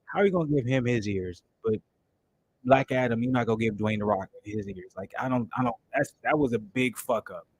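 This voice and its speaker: A man's voice: medium pitch, a little fast, a little hiss or hum, low-quality recording. A man hosting a casual movie reaction, chatting with enthusiasm and talking straight to his viewers. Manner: enthusiastic, loose and chatty, talks to viewers directly.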